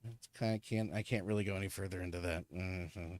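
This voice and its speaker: A man co-hosting a casual podcast, chatting excitedly and swearing as he rants about shows. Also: sits low, fairly quick, dry recording, studio quality. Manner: excitable, profane ranting with frequent laughs. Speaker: podcast co-host. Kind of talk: casual chat.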